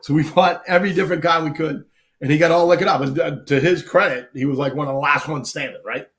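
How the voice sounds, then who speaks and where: A man, casually telling lively army anecdotes on a live talk show and acting out the people he quotes. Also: a little high, quick pace. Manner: animated anecdotes, acts out quoted people, laughs often. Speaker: guest storyteller, army veteran.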